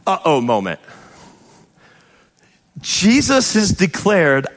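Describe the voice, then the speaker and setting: A man preaching a sermon, animated, with sudden shouts and quick asides. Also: medium pitch. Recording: long hall reverb.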